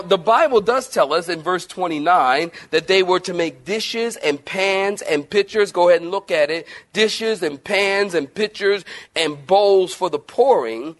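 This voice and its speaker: A high-pitched male pastor preaches to his church, animated throughout, swinging from loud emphasis to gentle softness and drawing laughs from the congregation with his jokes.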